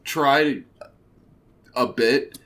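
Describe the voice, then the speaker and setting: A young man co-hosting a casual podcast, animated, swearing freely and laughing often. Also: medium pitch, drawn-out words. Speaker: podcast co-host.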